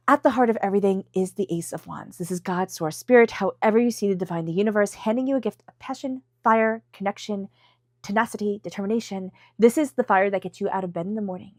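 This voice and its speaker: Stuffy-nosed woman tarot reader, conversational and emphatic with hushed asides, dry close sound. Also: medium pitch, dry recording. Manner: chatty, emphatic, drops into soft whispers. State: congested. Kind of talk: casual tarot reading to camera.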